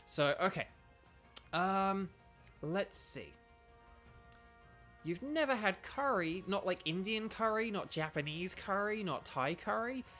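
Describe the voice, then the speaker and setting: Chatty British man with a bright voice. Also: high voice, expressive, slow pace, pauses often, soft background music. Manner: chatty, rambling, many ums and restarts, laughs often. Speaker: streamer playing a video game. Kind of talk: casual live-stream chat.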